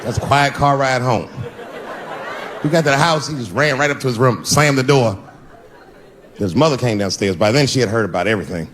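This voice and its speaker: A man's voice: mid-range voice, expressive, fairly quick, pauses often, a bit bright, a faint crowd. A middle-aged man on stage doing a stand-up routine, telling a story loosely and acting out the quoted lines. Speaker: stand-up comedian. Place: comedy stage before an audience. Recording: noisy live stage recording.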